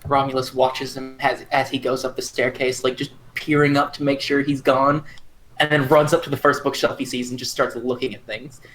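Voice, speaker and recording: A man's voice: medium pitch, level tone, normal speed, fairly bright tone, slight background noise, low-quality recording. A man hesitantly describing his character's actions in a tabletop game. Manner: rambling, hesitant. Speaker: player. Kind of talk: casual tabletop play.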